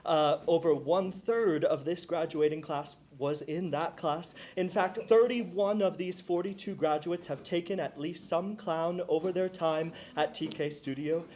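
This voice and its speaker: High-pitched jersey guy giving a graduation speech, joking about himself, lots of uhs and ums. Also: unhurried, few pauses, darkish tone, a little hiss or hum. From New Jersey. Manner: playful, self-mocking, with hesitant fillers. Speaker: commencement speaker and clown teacher. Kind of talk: graduation speech to a live audience.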